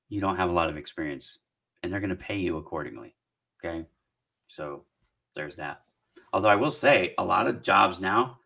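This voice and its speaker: A middle-aged career coach from Southern California has a slightly low, gravelly voice with a bright, forceful edge. Hosting a casual live Q&A on job hunting, he thinks aloud and encourages viewers while working through their comments.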